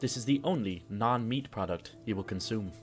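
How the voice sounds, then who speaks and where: A man voicing a solemn male nature-documentary narrator with a grave, measured delivery. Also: on the low side, music in the background, pitched below the performer's own voice, close to an everyday voice. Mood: mock solemn.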